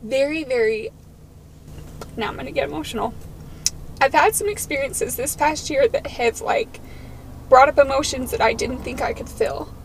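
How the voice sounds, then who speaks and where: Earnest woman co-host, reflective and emotional, a touch high-pitched, light background hiss. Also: moderate pace, poor audio. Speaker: podcast co-host. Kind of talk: casual podcast chat.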